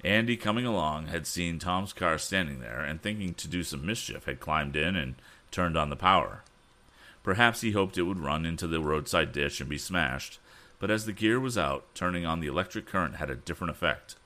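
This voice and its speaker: A man reads an adventure novel aloud in a very low voice that still moves in lively swings. His tone is bright and forward, and he corrects himself when he stumbles over a word. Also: brisk. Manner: expressive, corrects his own misreadings. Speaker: audiobook reader.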